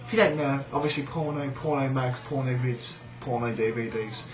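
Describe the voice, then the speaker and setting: A man's voice: medium pitch, fairly even intonation, moderate pace, roomy sound, faint music behind, poor audio. A man with a British accent ranting in a sneering, rambling, sweary way about a coworker. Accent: British English. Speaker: shop worker. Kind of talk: casual rant.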